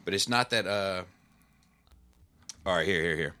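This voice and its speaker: A man's voice: deep voice, a little slow, pushed and bright, clean tone, dry recording. A man co-hosting a podcast in casual chat, stammering and laughing and mimicking accents. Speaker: podcast co-host.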